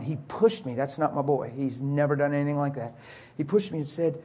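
A middle-aged man preaching a sermon as a story, acting out the voices and swinging from soft whispers to high cries. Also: fairly quick, breathy edge.

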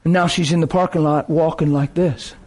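A man preaching through an animated, emotional story, often laughing as he tells it. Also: fairly high pitch, a little fast. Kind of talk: storytelling sermon.

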